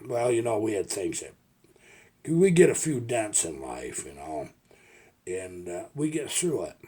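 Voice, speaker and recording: A man's voice: fairly low pitch, very animated, measured pace, warm tone, breathy edge. An older man, a logger turned video maker, telling rambling folksy stories in a casual vlog. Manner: rambling folksy storytelling with restarts. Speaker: retired logger vlogger.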